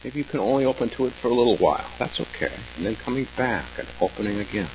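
A man, a Zen teacher, giving a dharma talk in a slow, halting, reflective way with pauses and soft laughs. Dull lo-fi recording with a faint hum. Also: medium pitch, lively intonation.

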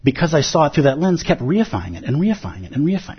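A man giving a lively, playful dharma talk as a Zen teacher, acting out inner voices. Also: a little high, fast, few pauses, breathy edge, muffled recording.

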